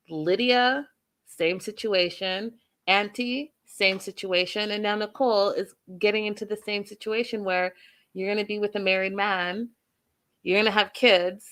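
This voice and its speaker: A woman's voice: medium pitch, sharp tone. A woman hosting a reality TV recap and review. She talks with strong emphasis, repeating phrases and firing off rhetorical questions at her listeners. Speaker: host. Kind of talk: TV show recap and commentary.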